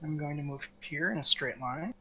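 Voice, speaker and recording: A man's voice: fairly high pitch, normal speed, noisy background. A man playing a tabletop game, chatting casually and playfully about his turn. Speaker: player.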